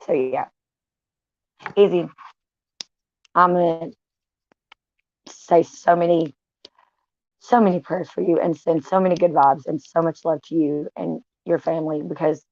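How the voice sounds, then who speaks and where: A woman talks candidly to her camera, swearing freely and joking darkly. Her voice has a gravelly fry. The sound is dull and dry. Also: on the low side, fairly even intonation, slow, long pauses, no echo. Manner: candid, profane, with dark humor. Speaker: vlogger. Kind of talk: casual, unfiltered storytelling.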